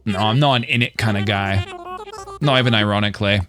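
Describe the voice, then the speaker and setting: A man's voice: lowish voice, brisk, music in the background. A man with an English accent, chatting on a live stream and reading posts aloud, musing as he goes, trailing off, restarting and laughing to himself. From England.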